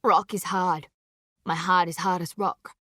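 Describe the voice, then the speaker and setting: A woman voicing a furious, grief-stricken young girl in a storybook reading, her lines shrill and hysterical. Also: fairly even intonation, unhurried, fairly bright tone, no echo, clean studio sound. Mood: grim resolve.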